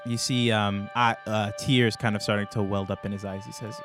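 A man's voice: fairly low pitch, little pitch movement, moderate pace, a bit bright, soft background music. A man narrating as game master, hesitant and full of ums and restarts.

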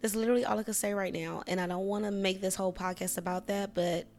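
A woman hosting her own podcast in a loose, casual chat, her voice gravelly with vocal fry. She talks straight to her listeners in slang, raw and frustrated, close to tears and sighing often. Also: medium pitch, fairly even intonation, fast, a little mellow. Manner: emotional, frustrated and near tears, sighing and cursing; slang-heavy, addresses listeners as "you guys" and "y'all". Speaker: podcast host.

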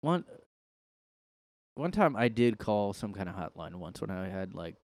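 A man's voice: lowish voice, big pitch swings, measured pace, darkish tone, no echo. A man hosting his own podcast in a casual, rambling monologue, sarcastic and full of "like". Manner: rambling, sarcastic, heavy use of "like". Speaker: podcast host. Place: his room.

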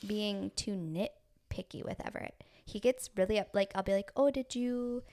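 A woman's voice: medium pitch, fairly even intonation, moderate pace, darkish tone. A woman in her thirties co-hosting a podcast, talking reflectively about her kids with plenty of "like" in her speech. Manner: reflective, lots of "like", fillers. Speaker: podcast co-host. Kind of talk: casual chat.

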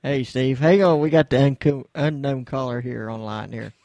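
Gravelly laid-back radio host, man. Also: mid-range voice, steady tone, moderate pace, mellow, no room sound. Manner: laid-back, plays along with callers. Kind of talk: casual internet radio chat.

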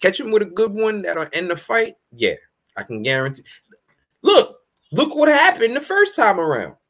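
An animated man in casual podcast chat, his pitch swinging widely from low to high. He swears freely, laughs often and slips into acted-out quotes. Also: normal speed.

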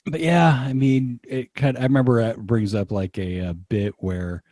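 A man's voice: medium pitch, steady tone, moderate pace, mellow, no room sound, clean studio sound. A man in his forties co-hosting a casual podcast, joking and swearing casually. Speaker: podcast co-host. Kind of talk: casual chat.

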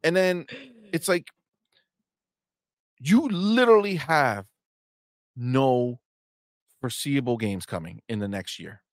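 A young adult man co-hosting a gaming livestream, animated and profane, trash-talking rival fans and reading viewer chat aloud. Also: medium pitch, slow pace, pauses often, no echo, clean studio sound. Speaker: co-host of a gaming talk stream. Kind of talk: casual livestream banter.

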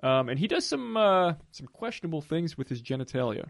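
A man co-hosting a podcast, talking through a film's characters in a relaxed, crude, joking way with many fillers. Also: a little high, a little fast, creaky. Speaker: podcast co-host. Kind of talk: casual film discussion.

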